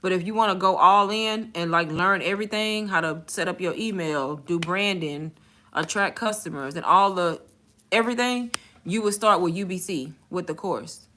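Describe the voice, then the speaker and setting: A woman's voice: lowish voice, moderate pace, pushed and bright. A young woman talking candidly in a casual storytime vlog, blunt and slangy, laughing often as she talks. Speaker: content creator and bank call center agent.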